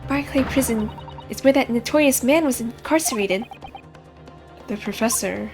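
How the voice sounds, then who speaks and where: A woman's voice: on the high side, normal speed, music in the background, voice pushed up, lightly acted. A woman reading the lines of an eccentric, pompous male Victorian detective in an airy, theatrical manner.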